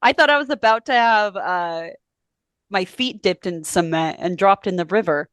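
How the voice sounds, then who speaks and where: A woman's voice: medium pitch, normal speed, a bit bright, dry recording. Crude, self-mocking woman podcast co-host. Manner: playful, crude, self-mocking, laughing storyteller. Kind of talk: casual chat.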